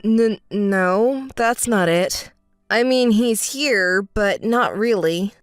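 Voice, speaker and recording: A woman's voice: medium pitch, slow, clear, resonant tone, no room sound, clean studio sound, faint music behind, natural voice. A woman voicing an evasive, apologetic young husband in a text story, stammering and placating.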